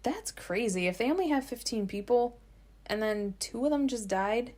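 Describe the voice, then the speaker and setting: A woman's voice: on the high side, expressive, moderate pace, darkish tone. A woman co-hosting a podcast, chatting casually as she recaps scenes and reads out lines of dialogue. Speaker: podcast co-host. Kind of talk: casual episode recap chat.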